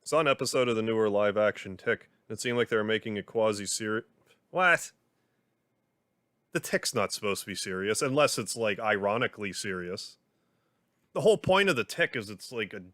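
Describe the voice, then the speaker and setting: A man with a somewhat low voice comments casually on a live game stream. He rambles and fills his talk with "like". The sound is dry and close, with no room echo. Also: expressive, normal speed, pauses often, pushed and bright. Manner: rambling, chatty, heavy use of "like". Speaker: gaming livestreamer. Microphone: desk microphone.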